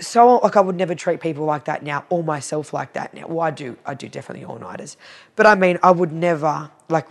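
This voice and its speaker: An Australian woman guesting on a podcast, telling stories from her cleaning business and acting out both sides of each conversation. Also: deep voice. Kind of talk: casual storytelling interview.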